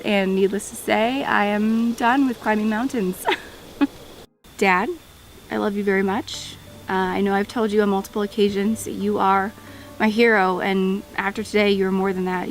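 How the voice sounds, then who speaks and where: Tearful young woman, gravelly voice. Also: medium pitch, slight background noise, rough recording. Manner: heartfelt, voice wavering with emotion. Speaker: daughter of the climber. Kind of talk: emotional documentary interview.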